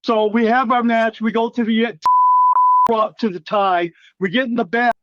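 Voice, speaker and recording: A middle-aged former wrestler with a fairly high voice rambles through profane war stories, acting out what others said. He is recorded dry, with a slightly dull sound. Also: fairly even intonation, moderate pace, fairly bright tone, dry recording. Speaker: interview guest, former wrestler. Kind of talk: casual storytelling interview.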